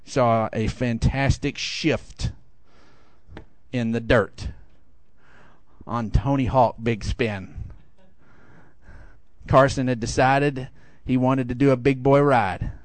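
A middle-aged man preaching a sermon, telling a lively personal story and swinging high for the quoted voices. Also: slow pace, pauses often, dry recording. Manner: animated storytelling, rising high for acted quotes. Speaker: pastor.

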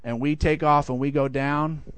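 A middle-aged man preaching a sermon, telling a lively personal story and swinging high for the quoted voices. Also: normal speed, clean tone, dry recording. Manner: animated storytelling, rising high for acted quotes. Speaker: pastor.

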